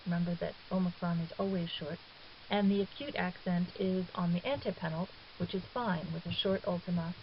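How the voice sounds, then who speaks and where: A woman calmly explaining a grammar lesson as a recorded teacher, patient and step by step, now and then correcting herself. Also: lowish voice. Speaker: Greek teacher. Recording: dull hissy lo-fi 2009 recording.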